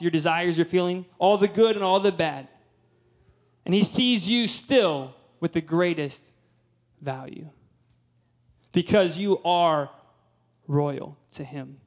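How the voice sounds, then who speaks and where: A man in his thirties preaching a sermon, telling a family story and building to emphatic, rising peaks. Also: on the high side. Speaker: guest preacher.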